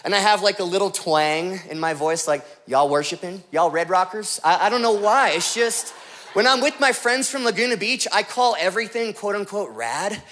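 A man's voice: high voice, a little fast. A man preaching as a pastor, telling jokey stories and slipping into put-on voices before making his point. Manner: joking, animated storytelling with put-on voices. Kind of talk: comedic sermon.

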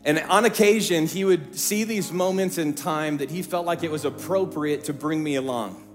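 Male pastor, fairly high voice, storytelling sermon, soft instrumental music under it. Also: normal speed. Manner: storytelling, shifts from hushed to rising emphatic preaching. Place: church stage.

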